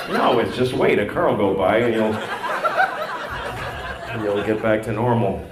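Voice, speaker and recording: A man's voice: fairly low pitch, moderate pace, long pauses, very noisy. A man doing stand-up comedy and talk show chat, telling crude, blunt, self-mocking stories.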